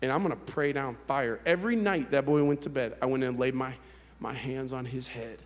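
A male pastor telling a personal story in a sermon, candid and conversational, with halting restarts. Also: mid-range voice. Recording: long hall reverb.

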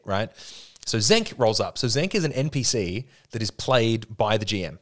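A man's voice: on the low side, very animated, normal speed, a bit bright. A man in casual podcast chat who talks with enthusiasm, explains things at length and swears freely.

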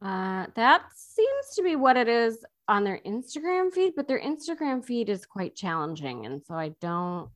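A woman co-hosting a casual podcast chat about a baking show, animated and fond of playful mock quotes. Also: fairly high pitch, normal speed, few pauses, dry recording. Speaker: podcast co-host.

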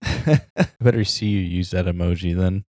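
A man's voice: sits low, fairly even intonation, moderate pace, mellow, no echo, clean studio sound. A man co-hosting a podcast, reading news stories aloud in a casual, joking way and laughing often as he goes. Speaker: podcast co-host.

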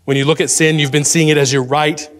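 A man preaching a sermon to his congregation in an earnest manner, then leading a quiet prayer. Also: on the high side, level tone. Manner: earnest preaching that sinks to a soft, slow prayer. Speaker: pastor.

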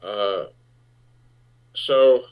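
Low-voiced candid actor, muffled audio. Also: male voice, smooth. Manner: frank, halting with restarts, rising when emphatic. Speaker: actor, interview guest. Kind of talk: candid conversational interview.

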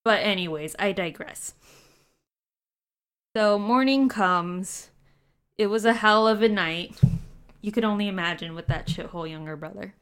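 A woman's voice: medium pitch, normal speed, long pauses, a bit bright, clean tone. A woman co-hosting a podcast, animatedly telling a dream in casual chat, swearing and laughing often. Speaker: podcast co-host.

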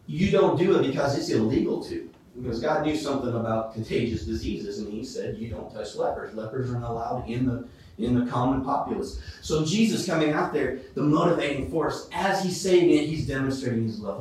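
A man preaching a sermon, reading Bible verses aloud with expressive emphasis. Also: medium pitch. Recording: echoey room, voice from a distance.

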